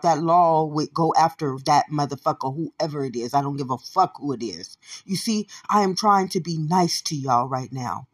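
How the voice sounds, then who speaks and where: A woman delivering a profane, repetitive monologue, shouting at times and muttering low at others. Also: normal speed, breathy edge. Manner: swears constantly, repeats phrases, swings from shouting to low mutters.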